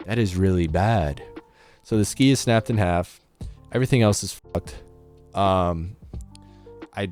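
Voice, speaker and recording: A man's voice: lowish voice, a little slow, long pauses, darkish tone. A young man with a Midwestern American accent casually retelling a story as a vlogger, rambling with many restarts and "like"s. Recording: faint music underneath.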